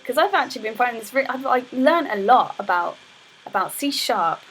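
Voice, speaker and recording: A woman's voice: fairly high pitch, expressive, fairly quick, a bit bright, slight background noise, poor audio. Chatty young woman rambling on a stream. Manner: rambling, chatty, full of fillers and self-interruptions. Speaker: game dev student streamer. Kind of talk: casual live stream chat.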